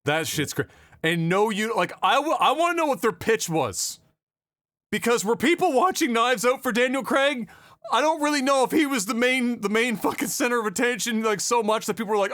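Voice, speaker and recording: A man co-hosting a casual podcast, talking in an animated, profane, rambling way with lots of fillers. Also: very high-pitched, a little fast, no room sound, studio quality. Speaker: podcast co-host.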